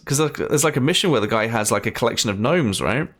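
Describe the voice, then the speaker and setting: A man's voice: mid-range voice, lively intonation, fast. A Scottish man giving casual, chatty commentary as he plays a game, laughing often and thinking aloud. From Scotland. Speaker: gaming streamer.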